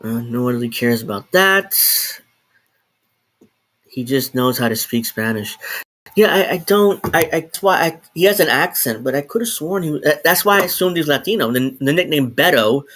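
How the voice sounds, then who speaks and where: At home in New Jersey, a man streams live by himself, talking freely in a fairly high, expressive, fairly bright voice at normal speed. His talk meanders with self-interruptions and restarted sentences, plus the odd curse and laugh.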